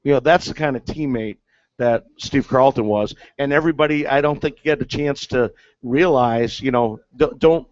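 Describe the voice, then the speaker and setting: A man's voice: mid-range voice, normal speed, no room sound. A man, a former catcher, telling a story in casual chat with lots of fillers and restarts. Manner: rambling, many fillers and restarts. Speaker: guest, former big-league catcher. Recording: dull, dry, lo-fi sound.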